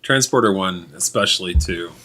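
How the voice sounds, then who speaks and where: A man with a fairly low voice chats casually as a guest on a podcast. He rambles and hesitates, leaning on filler words as he circles toward his point. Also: normal speed, sharp tone. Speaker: co-author guest.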